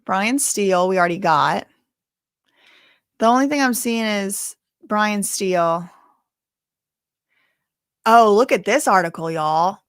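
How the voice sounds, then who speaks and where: A woman's voice: mid-range voice, slow, pauses often, smooth, no echo, studio quality. A woman chatting casually on a live stream, updating viewers on a court hearing and reading their comments aloud with lots of filler words. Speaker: livestream commentator on a court case.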